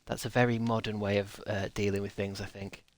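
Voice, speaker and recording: A man's voice: lowish voice, flat delivery, brisk, no room sound. An English man chatting casually on a stream, rambling and joking while he reads out viewer messages. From England. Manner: rambling and jokey.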